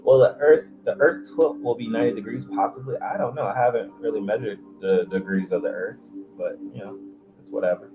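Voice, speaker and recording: A man's voice: fairly low pitch, a little fast. A man giving a casual livestream tarot reading, chatty and joking at his own expense. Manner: chatty, jokey, self-deprecating, restarts. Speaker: tarot reader. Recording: muffled audio with music behind.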